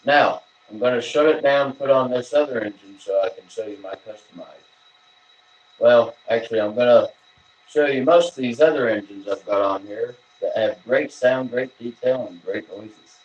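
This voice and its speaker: A man's voice: mid-range voice, normal speed, reverberant, recorded from a distance, poor audio. A man casually narrating as he runs his model trains, tossing in jokey asides and nonsense words. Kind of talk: casual running commentary while operating model trains.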